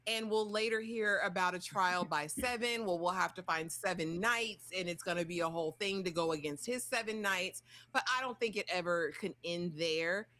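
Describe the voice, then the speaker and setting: A woman's voice: lowish voice, normal speed, few pauses, bright, forceful tone. A woman hosting a live episode discussion, retelling scenes and acting out the lines in quotes. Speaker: show host.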